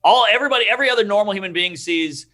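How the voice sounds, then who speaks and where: A man's voice: sits high, racing. A man in his thirties, a stand-up comedian chatting casually as a podcast guest, acting out the people in his stories. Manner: animated, acts out quoted voices.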